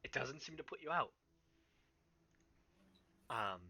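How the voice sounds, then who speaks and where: A man narrating as game master of a tabletop game, halting with many ums and restarts. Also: medium pitch, expressive, sharp tone, husky. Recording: slightly dull, muffled sound.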